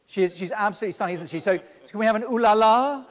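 Male pastor, somewhat high-pitched, preaching in a church with long reverb, stop-start repetitions. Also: fairly even intonation, very fast. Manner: repeats words at the start of phrases; speaks directly to the children. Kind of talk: sermon.

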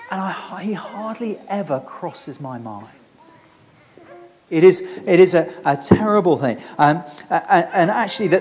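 A man preaching a sermon in an earnest, conversational way, often restarting phrases. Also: high voice.

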